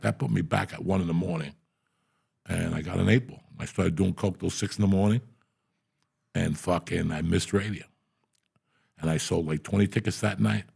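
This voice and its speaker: A middle-aged man telling profane, animated stories on a podcast. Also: low-pitched, vocal fry, slightly rough. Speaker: podcast host. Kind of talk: casual storytelling.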